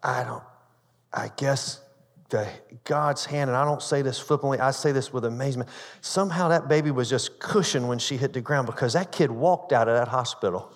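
A man's voice: mid-range voice, normal speed. Male pastor in a ringing sanctuary. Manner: earnest storytelling, stumbles and repeats words. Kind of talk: sermon with personal story. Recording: long reverb of a large hall.

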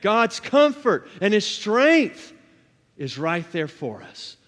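A man's voice: high voice, sing-song, slow, a bit bright, in a large hall. A man in his forties preaching a sermon, building to emphatic calls and asking the congregation to answer. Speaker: pastor.

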